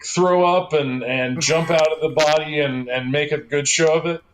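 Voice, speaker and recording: A man running a tabletop game as game master over a voice call, chatty and quick to laugh, often trailing off into repeated words. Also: on the high side, steady tone. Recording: noisy online call recording.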